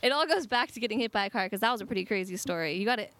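A young woman talks casually in a relaxed chat as a guest. Her voice sits at a middle pitch, and she laughs often between thoughts. She fills her sentences with "like". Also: rapid-fire, noisy background. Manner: chatty, laughs often, says "like" a lot. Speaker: guest, cafe team member. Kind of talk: casual conversation.

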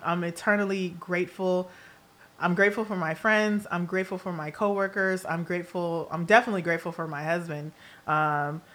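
A woman hosting her own podcast in a casual solo monologue. She is candid and profane, laughs often, and tells stories with lots of asides. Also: on the low side. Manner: animated storyteller with asides. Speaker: podcast host.

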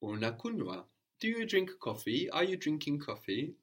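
A man teaching a language lesson, repeating each answer back slowly and checking understanding with a questioning "no?". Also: on the high side, big pitch swings, slightly rough.

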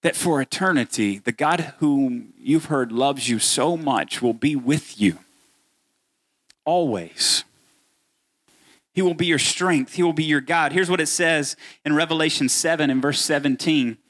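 Bright-voiced preaching man. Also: on the high side, unhurried. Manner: animated preaching, addresses congregation directly. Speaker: pastor. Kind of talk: sermon.

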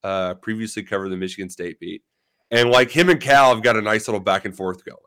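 A man's voice: fairly low pitch, fairly quick, clean tone. A man co-hosting a sports talk show as a beat reporter, rambling with many fillers. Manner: rambling, many fillers, animated when retelling exchanges.

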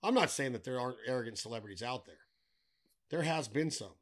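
A man's voice: mid-range voice, animated, fairly quick. A middle-aged man talking casually as a podcast guest, blunt and given to swearing, ranting with wry humor. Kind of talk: casual chat.

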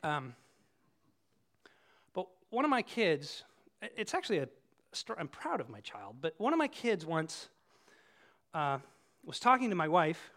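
A man giving a sermon in a conversational preaching style, telling vivid everyday illustrations and swinging between hushed and loud delivery. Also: a little high, very animated, unhurried, long pauses. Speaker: pastor.

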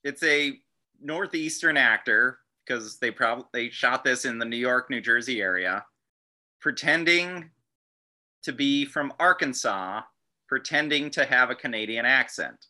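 A young man chats casually as a podcast co-host with a very bright, sharp tone. He drops wry, quick remarks, and his voice moves lively up and down. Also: medium pitch. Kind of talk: casual chat.

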